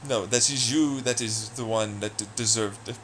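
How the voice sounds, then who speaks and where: A man ranting alone in an audio blog, profane, taunting and hostile, swinging between loud jeers and low muttering. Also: steady tone, moderate pace, slight background noise. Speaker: audio blogger. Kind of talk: angry solo rant.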